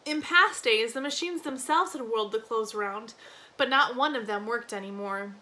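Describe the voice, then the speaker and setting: A woman reading a novel aloud in an expressive storybook narration. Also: fairly high pitch, moderate pace, low-quality recording. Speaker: reader.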